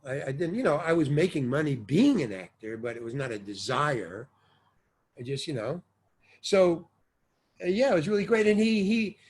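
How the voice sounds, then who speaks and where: Older male actor, husky and a little high-pitched, loose storyteller who acts out the dialogue. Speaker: actor interviewee. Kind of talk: casual anecdotal storytelling.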